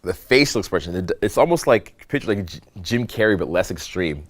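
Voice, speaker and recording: A man with a fairly low voice leads a live seminar on social skills. He teaches in an animated, demonstrative way, acting out examples and checking in with the room with quick "okay?" and "right?" prompts. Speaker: dating and social skills coach.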